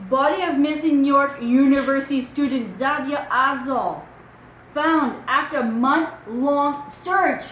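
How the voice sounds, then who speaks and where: A woman's voice: high voice, roomy sound, slight background noise, low-quality recording. A woman with a French accent, a true crime vlogger reading news aloud and asking rhetorical questions in casual commentary.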